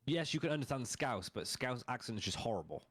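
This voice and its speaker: A man from the UK chats casually with a friend during an online game. His voice sits at an ordinary mid pitch. He talks bluntly and teasingly, with strong opinions. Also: big pitch swings, fairly quick, a bit bright, breathy edge. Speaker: streamer's friend. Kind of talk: casual gaming chat.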